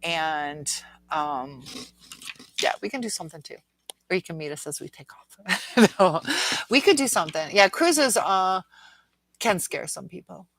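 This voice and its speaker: A woman from the Detroit area hosts a casual livestream from home, reading viewer comments and rambling along with plenty of fillers, even cooing at her dog. Her voice sits on the low side and sounds animated, unhurried, and a bit bright, with frequent pauses. It's captured on a phone or webcam with no room sound.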